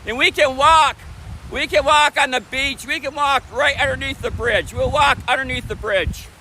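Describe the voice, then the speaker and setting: A man's voice: very high-pitched, normal speed, bright, forceful tone, rough recording. A middle-aged man live streaming outdoors from a phone, chatting with viewers, repeating himself and answering chat. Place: outdoors on a beach by a busy bridge. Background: traffic and wind noise.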